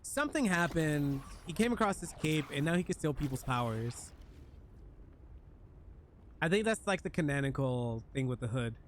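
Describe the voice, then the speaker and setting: A man's voice: a little high, moderate pace, long pauses, a little hiss or hum. A male game streamer chatting casually and jokingly with his viewers while he plays. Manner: animated, joking, talks to chat while playing. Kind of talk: casual live-stream chat.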